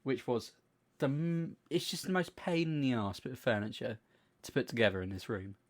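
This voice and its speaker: A young man with a mid-range voice, chatting on a podcast. He tells long stories in an animated way and swears freely. He slips into other people's voices to act out what they said. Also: medium pitch, moderate pace. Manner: animated storytelling, swears freely, acts out quotes. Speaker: podcast co-host. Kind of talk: casual chat.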